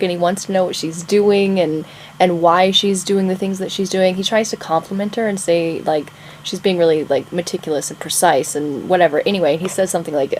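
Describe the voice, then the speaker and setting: A young woman, an author who vlogs, chats casually about her own draft and reads from it, gushing and laughing a lot. Her voice is mid-range and slightly mellow, and the low-quality recording carries a faint hiss or hum.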